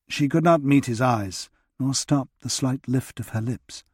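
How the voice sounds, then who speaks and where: A man narrates a period romance in a measured, even way. His husky voice sits at a middle pitch and is recorded close and dry in a studio booth. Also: no echo. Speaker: audiobook narrator. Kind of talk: scripted audiobook narration.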